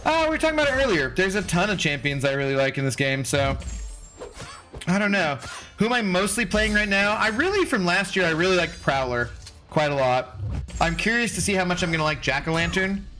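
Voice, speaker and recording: Forties guy from washington state streaming, chatting w/ chat, swears a lot, laughs a bunch, kinda high bright voice. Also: animated, a little fast, faint music behind. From Washington State, USA. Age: 40s. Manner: loose, profane, laughs often. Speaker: livestream host reading chat. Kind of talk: casual chat.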